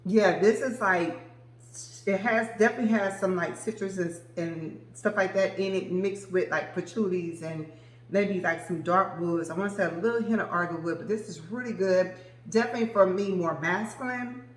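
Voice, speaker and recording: A woman's voice: fairly low pitch, moderate pace. Brief: forties woman, chatty fragrance vlogger, gushy and familiar, roomy echo. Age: 40s. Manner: chatty and gushing, calls viewers "girl" and "y'all". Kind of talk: casual chat to camera.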